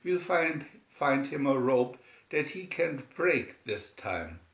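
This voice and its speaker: A man voicing an earnest young farm boy in a read-aloud storybook, with eager, excited calls. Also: mid-range voice, slow pace, exaggerated voice. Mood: coaxing. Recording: roomy, dull lo-fi sound.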